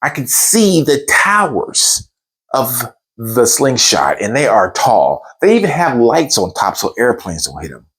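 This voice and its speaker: A man's voice: mid-range voice, unhurried, slightly rough. A man telling a funny personal story, acting out the voices in it. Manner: animated, acts out the voices in his stories.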